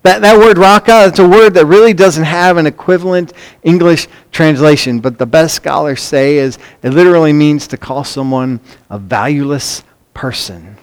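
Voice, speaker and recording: A man's voice: on the high side, moderate pace. A man preaching a sermon, emphatic and earnest, often repeating words as he drives points home. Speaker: pastor.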